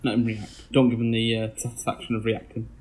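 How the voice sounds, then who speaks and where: A man's voice: lowish voice, completely flat delivery, quick pace, a little mellow. A man co-hosting a podcast, chatting casually with joking, sarcastic remarks. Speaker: podcast co-host. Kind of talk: casual chat.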